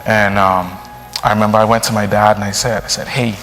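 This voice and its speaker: Earnest young priest. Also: male voice, lowish voice, fairly quick. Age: young adult. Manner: earnest, animated with frequent fillers. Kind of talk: personal storytelling. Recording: long reverb, faint music.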